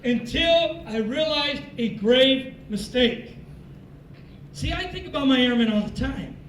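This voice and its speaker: A man with a strikingly high voice giving a motivational speech in a large hall. He tells his story in an animated way and acts out the dialogue. The sound is echoey and comes from some way off the mic, with faint noise behind. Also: unhurried, distant mic. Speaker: military speaker.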